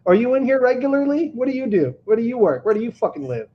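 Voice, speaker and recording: A man's voice: very high-pitched, big pitch swings, fast. Indignant man on a dull call line. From Florida. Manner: indignant, defensive, swearing. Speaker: caller. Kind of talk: casual call-in chat.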